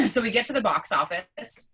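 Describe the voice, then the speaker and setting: A young adult woman, a podcast guest, telling a story in a casual, excitable way, swearing often and filling her talk with "like". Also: fairly high pitch, measured pace, slightly rough. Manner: excitable, profane, heavy use of "like".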